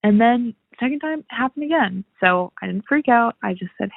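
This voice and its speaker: A woman in her twenties leaving a rambling, halting voicemail question for an advice show. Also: fairly high pitch, expressive, vocal fry, dry recording. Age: 20s. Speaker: caller. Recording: tinny phone line.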